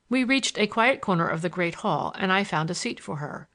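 A woman reading a first-person novel aloud in a measured, even storytelling manner. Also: lowish voice. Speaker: audiobook reader.

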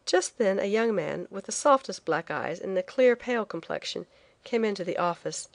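A woman narrating a first-person travel memoir in a measured, expressive reading. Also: fairly low pitch, vocal fry, no room sound. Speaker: audiobook narrator.

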